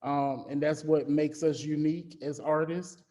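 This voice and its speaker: A candid man speaking on a casual panel, an artist who talks through his thoughts with plenty of ums. His voice sits slightly high for a man. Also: fairly even intonation, measured pace, warm tone, rough recording.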